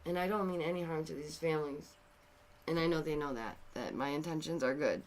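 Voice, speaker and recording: Deep-voiced and talking a little fast, a female commentary host speaks straight to her audience over slight background noise. Her exasperated, animated delivery leaps into loud outbursts before sinking into quiet, somber remarks.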